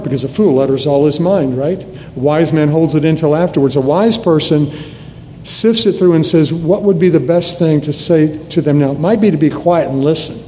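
Recorded in a hall full of long, lingering reverb and a faint low hum, an American man from Nebraska in his seventies preaches. His voice is mellow and a touch high for a man, and his earnest, conversational delivery has restarts.

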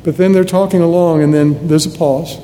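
A man's voice: fairly even intonation, brisk, mellow. A man in his seventies from Nebraska preaching a sermon to a congregation in a conversational, earnest way, often restarting his sentences. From United States (Nebraska). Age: 70s. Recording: long hall reverb, faint rumble.

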